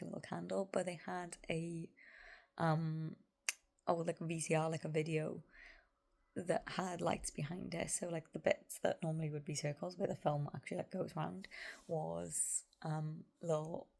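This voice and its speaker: A woman, talking through a casual vlog in a rambling, chatty way with plenty of fillers and side notes. Her voice sits on the low side with a gravelly fry, and she often sinks into a soft whisper. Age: 30s. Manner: chatty and rambling, full of "like" and asides. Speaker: vlogger. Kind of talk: casual vlog chat to camera.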